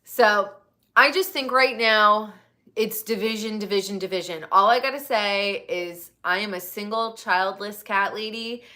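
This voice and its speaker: Unhurried and sharp-toned, a medium-pitched woman's voice hosts a casual live stream. She's an American in her thirties, candid and profane as she talks with her chat.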